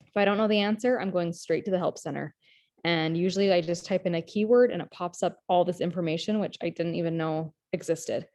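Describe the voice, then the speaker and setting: Chatty, energetic woman giving a pep talk. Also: on the low side, fairly quick. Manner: energetic and chatty, often addressing listeners as "you guys". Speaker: team leader in a direct-sales team. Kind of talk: motivational pep talk on a group call.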